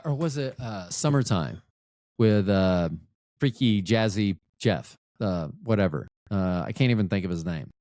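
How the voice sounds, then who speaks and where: Rambling, profane man with a lively voice. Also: on the high side, dry recording, clean studio sound. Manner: rambling, profane, self-interrupting. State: recovering from a stroke. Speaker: podcast host. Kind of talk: casual rambling monologue.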